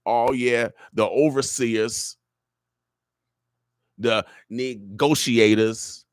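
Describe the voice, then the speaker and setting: Drawing out his words in a mid-range voice with fairly even intonation, this Omaha, Nebraska man hosts a morning radio show. He delivers emphatic, sermon-like motivation punctuated by recurring "oh yeah"s, and the studio-quality recording has no echo.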